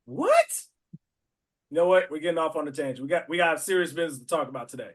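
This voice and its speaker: High-voiced joking podcast host man. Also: very fast. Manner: joking, rambling, playful. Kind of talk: casual podcast chat.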